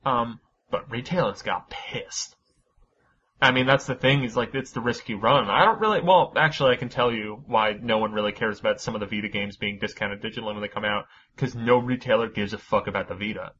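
Husky man hosting a gaming podcast. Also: fairly low pitch, fairly quick, fairly bright tone, lo-fi sound. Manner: chatty, swears casually, laughs often. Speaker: podcast host. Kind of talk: casual gaming podcast chat.

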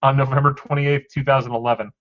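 A man's voice: medium pitch, level tone, quick pace. A man co-hosting a casual gaming chat, ranting and acting out mock quotes. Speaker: podcast co-host. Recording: dull lo-fi audio.

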